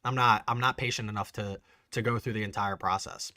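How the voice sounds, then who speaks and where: A man hosting a casual livestream, chatting excitedly and answering viewers' messages. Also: lowish voice, a little fast. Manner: chatty, reads and answers live chat, excitable. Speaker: bourbon channel host.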